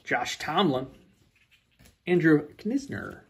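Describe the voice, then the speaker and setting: A husky man sits opening packs of baseball cards and reads the players' names aloud one by one. He talks in a loose, joking way between the names. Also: a little high, expressive, measured pace. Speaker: card breaker. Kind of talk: casual card-opening chat.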